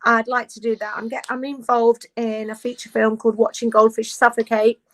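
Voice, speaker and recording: A woman guest on a casual live video chat, lively and candid, talking from her beauty room at home. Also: fairly high pitch, a little fast, poor audio. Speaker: guest, actress. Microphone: video call.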